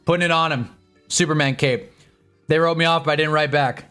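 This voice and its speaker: A man's voice: on the high side, fairly even intonation, fairly quick, a bit bright, clean tone, faint music behind. A man hosting a casual live sports stream at his own desk mic, loose and chatty, swearing now and then and talking to his chat.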